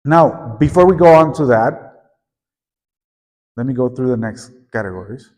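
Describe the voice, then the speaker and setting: A man's voice: mid-range voice, normal speed. Guy running a teacher workshop, gets the room to join in, long hall echo. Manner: lively, prompts the audience to repeat and join in. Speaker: teacher trainer. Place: conference room at a teachers' meeting. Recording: echoey conference hall.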